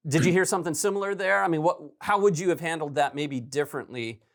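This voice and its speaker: A male podcast host talks through a recorded recruiting call in a relaxed, conversational way. He hedges often and keeps checking in with his guest. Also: fairly high pitch, fast talker. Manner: conversational, hedging with "right?" and "um". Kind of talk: podcast commentary.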